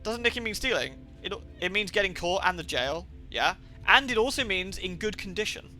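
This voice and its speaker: A man's voice: high voice, animated, moderate pace, pushed and bright, soft background music. A man giving jokey, rambling commentary while he streams a game. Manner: jokey and rambling, playing with slang. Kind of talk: casual live-stream commentary.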